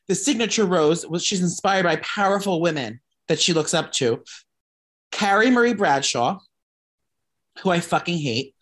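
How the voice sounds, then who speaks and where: A gay man co-hosting a casual gossip chat, swearing freely and telling animated stories full of fillers. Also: high-pitched. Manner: profane, animated storytelling with lots of fillers. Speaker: podcast co-host.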